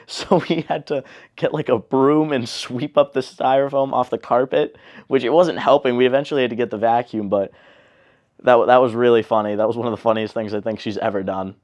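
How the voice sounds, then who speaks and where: A young man in an interview, telling a family story in a relaxed, chatty way with lots of fillers. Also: mid-range voice, normal speed. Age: young adult. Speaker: interviewee, older brother.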